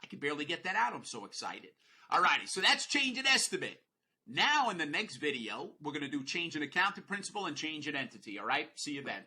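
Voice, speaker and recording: A man's voice: a little high, very animated, fast. A man teaching a recorded exam prep lecture, who stresses and repeats key rules and slips in playful jokes between his explanations.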